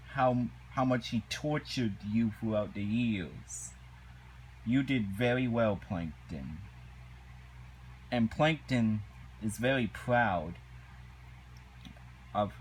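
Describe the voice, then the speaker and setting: A man ranting through a casual episode review at an unhurried, plodding pace. He stops and restarts often, piling on "and then" between indignant complaints, in a voice of ordinary pitch. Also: a little hiss or hum, poor audio. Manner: halting, repetitive, indignant.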